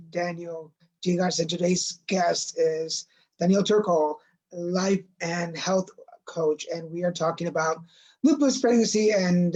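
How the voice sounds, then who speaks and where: A man hosting a casual podcast interview, speaking quickly with many fillers and hesitations. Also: sits high, a little mellow, poor audio. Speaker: podcast host. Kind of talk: casual interview, sponsor read.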